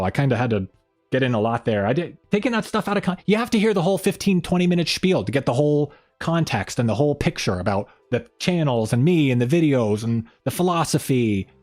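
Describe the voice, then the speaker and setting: A man's voice: a little high, a little mellow. Rambling man hosting a stream. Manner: rambling, self-mocking, trailing off. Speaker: streamer host. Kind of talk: casual live-stream chat. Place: home room by an open window.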